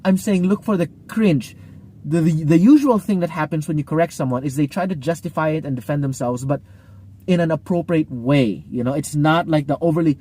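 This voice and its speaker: A man's voice: on the high side, fairly quick, warm tone. A man, a pastor, giving a casual teaching talk in a conversational way, with many fillers and restarts.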